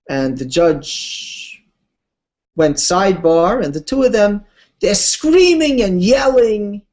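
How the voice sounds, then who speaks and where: The speaker is a woman giving a Torah lesson through stories. Her tone is easygoing and unhurried, marked by lively shifts in pitch and informal digressions.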